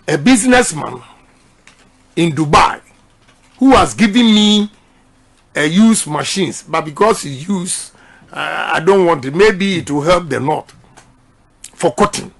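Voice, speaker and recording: A man's voice: sits high, expressive, slow pace, vocal fry, long pauses, a bit bright. A middle-aged Ghanaian man giving an emphatic campaign speech that drifts between English and Twi and repeats his key points. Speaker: politician.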